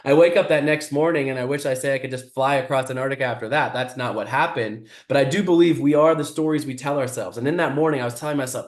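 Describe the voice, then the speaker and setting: A man, a guest speaker, telling a motivational story in an animated, vivid way. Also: medium pitch, fast talker, hardly any pauses, roomy sound.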